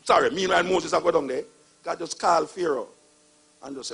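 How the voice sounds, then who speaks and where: A man's voice: a little high, moderate pace, creaky, a bit bright, a little hiss or hum. A man with a Jamaican accent, giving a humorous talk and animatedly retelling stories with voiced characters. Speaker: speaker on religion.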